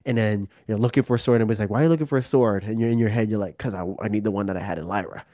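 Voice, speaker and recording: A man's voice: on the low side, fairly even intonation, racing, mellow, no echo, clean studio sound. Rambling man, guest on a podcast. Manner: rambling, acts out his own quoted remarks. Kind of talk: casual interview talk.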